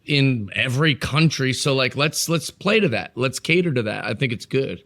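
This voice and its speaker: A man's voice: mid-range voice, lively intonation, moderate pace, fairly bright tone. A man as a podcast guest, chatting earnestly about wrestling and giving long opinions. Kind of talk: casual wrestling chat.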